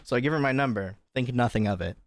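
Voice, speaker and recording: A man's voice: medium pitch, quick pace, no echo. A young man livestreaming to his chat, casually telling a long story with lots of fillers and swearing. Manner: chatty, swearing, animated retelling with many fillers. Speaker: livestream host.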